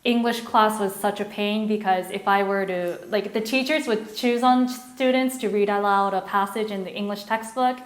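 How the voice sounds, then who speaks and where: A woman's voice: mid-range voice, fairly even intonation, normal speed, few pauses. Reflective American-accented woman, roomy echo. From Japan. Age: 30s. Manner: reflective, storytelling, loose with fillers. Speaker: interview guest, model. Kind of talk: casual interview conversation. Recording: roomy echoey room.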